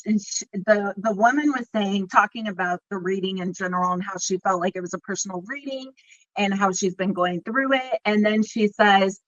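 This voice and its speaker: A woman in her forties, a tarot reader guesting on an interview, telling a story with excitement and frequent laughter. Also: medium pitch, no echo, lo-fi sound. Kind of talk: casual interview chat.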